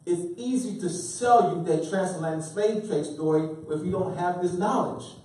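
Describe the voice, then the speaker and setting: Picked up by a far-off mic in a very echoey room, a man with a high voice, a little mellow, speaks at normal speed. He's lecturing to an audience, drawing call-and-response answers and emphatically repeating important words.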